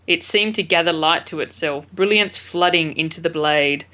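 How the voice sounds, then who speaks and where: A woman's voice: low voice, moderate pace, sharp tone. A woman co-hosting a podcast, chatting playfully and reading passages from a novel aloud, on dull lo-fi audio. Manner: playful, amused. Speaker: guest co-host.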